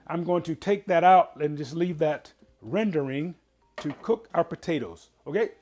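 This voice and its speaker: A man's voice: fairly high pitch, normal speed, darkish tone, faint music behind. A man hosting a cooking show, chatting folksily to viewers as he demonstrates.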